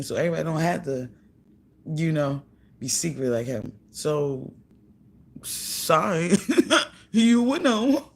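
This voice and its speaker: A woman's voice: on the low side, gravelly. A woman telling a story in a casual, profane rant, giggling and mimicking what others said. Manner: profane, giggly, animated retelling with mimicked dialogue. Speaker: vlogger.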